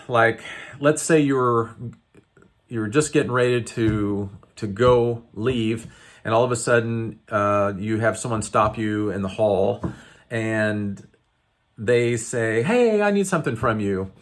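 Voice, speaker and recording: Guy giving a slow coaching talk, lots of ums and restarts, earnest. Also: mid-range voice. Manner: halting, many restarts and fillers, earnest. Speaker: wellness coach. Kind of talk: unscripted teaching to camera.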